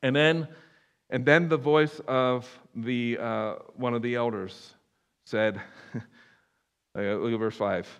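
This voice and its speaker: A man preaching a sermon, animated, swinging from loud emphatic bursts to hushed low passages, with many restarts. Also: slow, long pauses, clean tone. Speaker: pastor. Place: church room.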